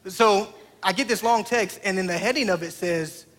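A man's voice: sits high, moderate pace, a bit bright. A man in his thirties, a pastor preaching a sermon through a family story, talking conversationally and putting direct questions to the congregation.

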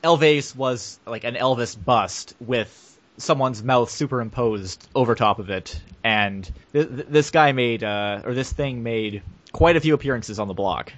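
A man's voice: medium pitch, measured pace, dry recording, highs cut off. A man hosting a casual interview, chiming in with short explanations for the listeners.

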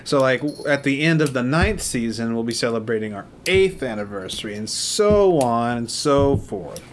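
A man's voice: mid-range voice, lively intonation, normal speed, a little hiss or hum. A man hosting a podcast, teasing his co-host in rambling casual chat. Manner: teasing, rambling, stammering restarts.

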